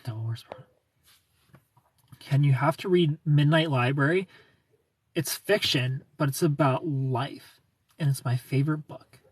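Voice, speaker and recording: Husky, slightly high man chatting on a livestream. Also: measured pace, no room sound, distant mic. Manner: rambling, restarts sentences, chuckles often. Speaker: livestream host answering viewer comments. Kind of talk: casual livestream chat.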